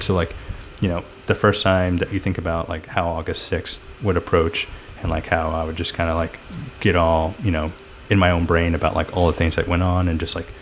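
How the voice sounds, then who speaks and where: A man's voice: low voice, a little hiss or hum. A middle-aged man talking through his experiences in a reflective, rambling way, full of fillers, as a guest in a casual podcast chat. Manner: reflective, talks in long rambling runs with many fillers.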